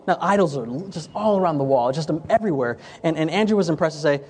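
A man's voice: a little high, expressive, quick pace, a little mellow, slight background noise. Man teaching in a reverberant hall. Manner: conversational, repeats and restarts phrases. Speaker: health ministry presenter. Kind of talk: informal teaching talk with stories. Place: room with chairs before a group.

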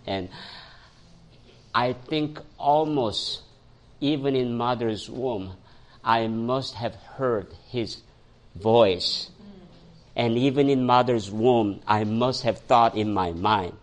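Man preaching. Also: on the low side. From Korea. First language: Korean. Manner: animated, swings from raised voice to soft storytelling; quotes people in the story, chuckles often. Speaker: pastor. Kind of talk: sermon with storytelling.

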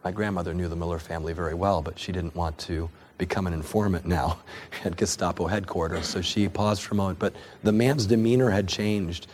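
A man's voice: low-pitched, steady tone, a little fast, darkish tone, slight background noise. A man preaching, telling a family story in an earnest way, often repeating and restarting words. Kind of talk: sermon storytelling.

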